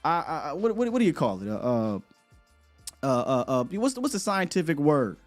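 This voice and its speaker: A man hosting a live morning sports show, talking in an animated, rambling way and laughing often. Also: fairly high pitch, a little fast, soft background music. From United States.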